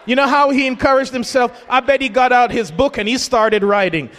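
A man with a high voice preaches a sermon in a church hall. He swings from steady teaching up into shouted calls for the congregation to join in. A long reverb trails behind every phrase. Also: fairly quick, few pauses. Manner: rises into shouts to urge the congregation.

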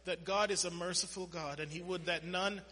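High, bright-toned preacher man in a big hall. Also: normal speed. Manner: animated preaching with sudden loud bursts and quoted scripture. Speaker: pastor. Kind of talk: sermon. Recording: long hall reverb.

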